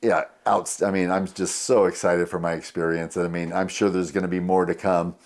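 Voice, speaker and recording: A low-voiced man in his sixties. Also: little pitch movement, normal speed. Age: 60s. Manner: rambling, warm anecdotes with many fillers. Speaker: podcast guest. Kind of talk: casual storytelling.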